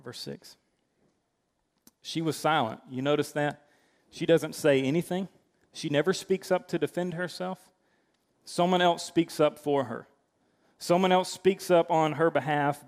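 A man with a fairly high voice delivers a sermon in a loose, conversational way, often restarting his phrases. He sounds like a pastor speaking from the front of a church. A long reverb tail hangs behind his voice. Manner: conversational preaching with frequent restarts.

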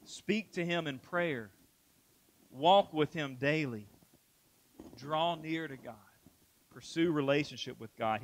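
A man's voice: on the high side, rough recording. A man preaching a sermon to his church, emphatic, repeating phrases and asking rhetorical questions. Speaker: pastor.

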